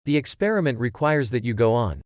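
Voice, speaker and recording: A calm male experimenter who stays patient and matter-of-fact, as a man reading aloud voices him. The voice moves lively up and down. The recording is dry and close. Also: medium pitch, a little fast, no room sound, lightly acted. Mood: level, insistent.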